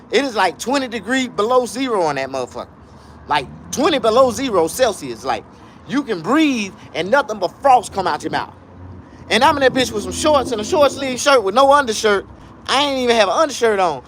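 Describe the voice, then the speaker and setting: A man spins a comedic tale in a profane, animated manner, his voice sitting a little high for a man. He leans hard on emphasis and swears freely. A faint hum of noise runs under the recording. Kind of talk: comedic storytelling.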